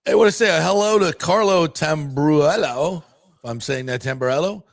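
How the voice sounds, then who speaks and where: A man hosting a sports talk show, rambling through casual chat. His voice has a gravelly edge and sounds close and dry in the studio. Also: high voice, lively intonation, brisk, dry recording. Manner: rambling, chatty, frequent fillers.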